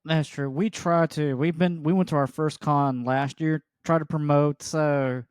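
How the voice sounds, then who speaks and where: A young man hosting a podcast, telling a story in an animated, exasperated way. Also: on the high side, measured pace, clear, resonant tone, no room sound, clean studio sound. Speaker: podcast host. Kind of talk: casual chat.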